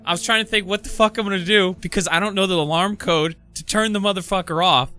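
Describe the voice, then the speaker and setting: A man's voice: high-pitched, a little fast, faint music behind. A young man telling a rambling story to his stream, cursing a lot and stumbling over restarts. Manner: profane, rambling, excitable, many restarts. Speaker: gaming streamer. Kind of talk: casual storytelling.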